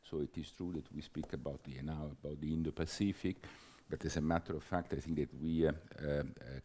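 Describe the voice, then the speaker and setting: Very deep-voiced Italian man on a panel. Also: mellow. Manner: measured, hesitant with fillers. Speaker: panelist, senior diplomat. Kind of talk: conference panel answer. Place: conference hall panel.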